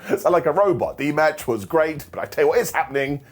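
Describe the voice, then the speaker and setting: A man's voice: fairly high pitch, expressive, brisk, hardly any pauses. A man giving a jokey, sarcastic recap of a wrestling show, full of mock asides to the wrestlers.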